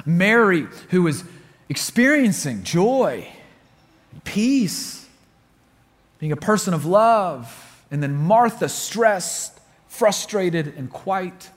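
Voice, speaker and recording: High-voiced male preacher in a reverberant hall. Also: slow pace. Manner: lively storytelling, repeats words for emphasis. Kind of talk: sermon. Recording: long reverb of a big hall.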